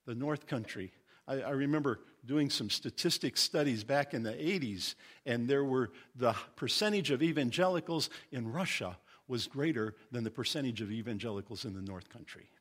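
A man's voice: mid-range voice, fairly bright tone. Earnest man preaching a sermon. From Indiana. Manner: earnest, teaching, reads scripture slowly and emphatically. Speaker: pastor.

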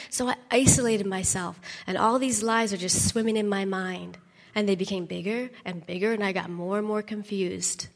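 A middle-aged woman, a pastor's wife, telling her testimony to a congregation in an animated way, laughing and dropping into whispered asides. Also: medium pitch, normal speed, vocal fry, big-room sound. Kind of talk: church testimony.

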